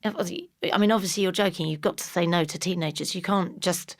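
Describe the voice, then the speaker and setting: Lively English woman telling stories. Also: on the low side, a little fast. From England. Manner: animated storyteller, acts out voices in quotes. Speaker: guest. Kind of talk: casual podcast conversation.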